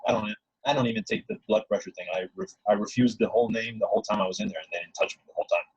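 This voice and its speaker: A man with a low, husky voice recounts his own story in a casual, earnest ramble. He restarts sentences often and circles back on his points. The sound is dry and dull, like a lo-fi recording. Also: very fast, no room sound. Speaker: guest telling his story.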